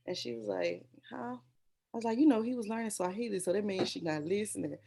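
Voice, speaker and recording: A woman's voice: mid-range voice, fairly quick, vocal fry, background noise. A woman who is a teacher, telling a story in casual chat and acting out the voices of the people she quotes. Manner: animated, acts out quoted voices.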